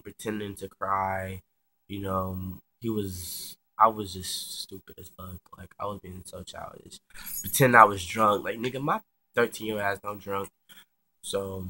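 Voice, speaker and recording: Young man with a bright, forceful voice. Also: low-pitched, slight background noise. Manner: chatty and slangy, swears freely, many fillers. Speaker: vlogger telling a personal story. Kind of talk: casual storytelling to camera.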